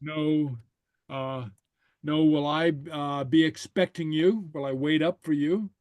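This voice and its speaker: A man's voice: a little high, fairly even intonation, slow pace, a little mellow, no room sound. A man teaching a language class, patiently saying phrases and translating them line by line. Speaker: Gaelic teacher.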